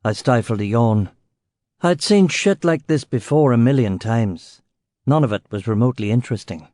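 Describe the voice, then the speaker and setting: A man's voice: mid-range voice, expressive, normal speed, warm tone, dry recording. A man narrating a crime audiobook in the first person, with a dry, sardonic manner on a close studio mic.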